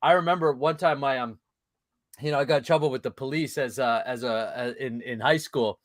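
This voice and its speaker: A man's voice: mid-range voice, brisk, dry recording, studio quality. Blunt, emphatic man on a podcast. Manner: blunt, swears freely, punchy emphatic delivery. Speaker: host, men's coach. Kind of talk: casual podcast conversation.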